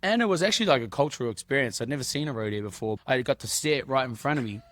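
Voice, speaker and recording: A man's voice: medium pitch, animated, very fast, fairly bright tone. Joking man co-hosting a podcast. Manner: joking, self-deprecating storytelling. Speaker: podcast co-host. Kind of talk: casual chat.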